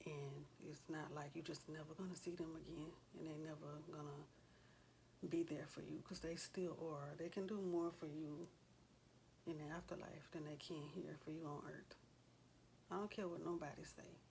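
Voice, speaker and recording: A woman's voice: low voice, steady tone, moderate pace, creaky, darkish tone, slight background noise. A woman in her forties, a vlogger, talking in an earnest, heartfelt, conversational way with frequent fillers. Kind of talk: casual chat.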